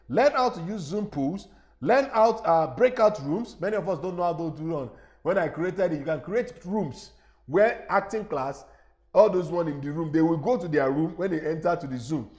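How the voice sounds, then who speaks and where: A middle-aged man with a Nigerian accent, teaching a webinar on a lapel mic, animated and repeating himself as he talks straight to his listeners. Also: on the high side.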